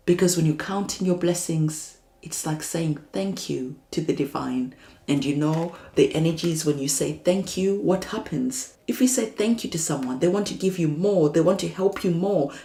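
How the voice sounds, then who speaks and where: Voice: mid-range voice, mellow, reverberant. A tarot reader giving a spiritual reading in a soothing, reassuring way, repeating phrases as encouragement.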